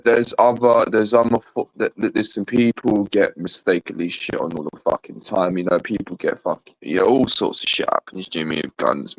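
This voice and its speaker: A man's voice: lowish voice, no room sound. A British man calling into a livestream, talking bluntly, swearing often and stammering over his words. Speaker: caller on a livestream. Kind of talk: casual chat. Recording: dry, dull lo-fi audio.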